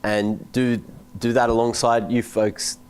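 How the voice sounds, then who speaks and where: A man's voice: mid-range voice, flat delivery, measured pace, clean tone. A man from Australia with an Australian accent, speaking in a laid-back way in a comedy sketch. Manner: laid-back, then exasperated swearing.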